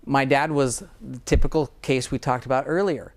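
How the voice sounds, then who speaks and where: A man's voice: mid-range voice, moderate pace. A dentist in conversation, speaking earnestly and often repeating words as he starts a thought. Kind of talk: conversational interview.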